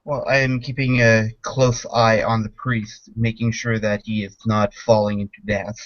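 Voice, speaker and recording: A man's voice: fairly low pitch, level tone, normal speed, no echo, lo-fi sound. A man describing his character's actions in a tabletop game, matter-of-fact. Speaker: player.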